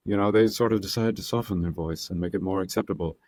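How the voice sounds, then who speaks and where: An actor and impressionist guests on a podcast, talking casually and playfully and slipping into demonstration voices as he explains things. His voice sits low, a little mellow, and moves fast.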